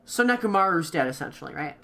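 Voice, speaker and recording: This woman voices game characters while playing a visual novel, playful and quick to laugh, chiming in between lines. Her lowish voice swings widely in pitch, and she talks fast with vocal fry and a sharp tone.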